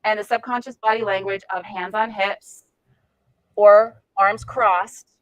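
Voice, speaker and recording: A woman leading an informal volunteer training session, talking frankly with lively asides. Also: medium pitch, measured pace, low-quality recording. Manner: frank, animated, chatty with asides and laughs.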